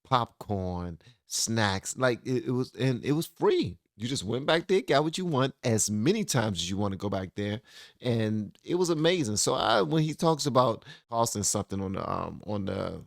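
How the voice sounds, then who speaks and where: A man hosting a reaction video, chatting casually and relaxed with lots of fillers. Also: mid-range voice, moderate pace, creaky, no echo, studio quality. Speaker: reaction channel host.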